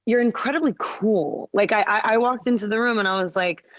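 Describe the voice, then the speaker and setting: A woman actor talking casually about her work, rambling quickly with lots of fillers and restarts. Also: medium pitch, no room sound, dull audio. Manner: fast rambling speech with many fillers and restarts. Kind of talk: casual conversation.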